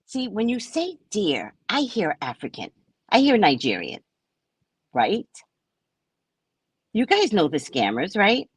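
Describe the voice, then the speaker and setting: A woman's voice: medium pitch, huge pitch swings, a little slow, pauses often, slightly rough, no echo. A woman psychic reader telling a story on a casual live stream, brash, profane and mocking.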